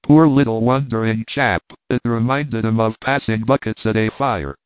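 Male audiobook narrator, steady storytelling read; lo-fi telephone-band, no room sound. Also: lowish voice, clear, resonant tone, dry recording. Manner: measured storytelling reading. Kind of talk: scripted narration. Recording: tinny phone-like dry recording.

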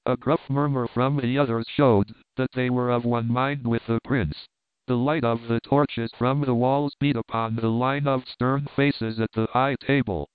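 Male audiobook narrator, steady and dramatic; smooth tone, narrow-band recording. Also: medium pitch, measured pace, dry recording. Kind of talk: scripted narration.

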